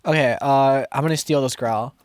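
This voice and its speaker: A man's voice: medium pitch, moderate pace, dry recording, clean studio sound. A young man who makes music, chatting casually to his stream as he works. He rambles, swears often and mocks himself, restarting his sentences a lot. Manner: rambling, profane and self-mocking, with many restarts. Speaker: music producer streaming to chat. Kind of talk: casual live-stream chat while producing.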